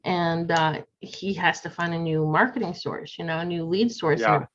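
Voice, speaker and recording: Chatty low-voiced woman host, lo-fi. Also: fairly even intonation, normal speed, fairly bright tone, slight background noise. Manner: chatty, frequent fillers. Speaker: host of a Medicare agent group. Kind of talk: casual video interview. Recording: dull lo-fi audio.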